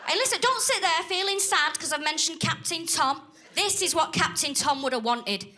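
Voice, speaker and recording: A woman doing a crude, acerbic stand-up set on a theatre stage, with deadpan asides. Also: very high-pitched, moderate pace. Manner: acerbic, crude, deadpan asides with lively put-on voices for others. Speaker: stand-up comedian. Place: theatre stage before a laughing audience. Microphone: stage microphone. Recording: live theatre with loud crowd laughter.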